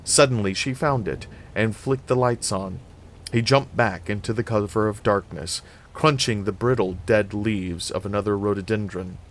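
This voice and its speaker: Casting: man, low voice, steady horror novel narrator. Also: normal speed. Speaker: reader. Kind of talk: dramatic horror novel reading.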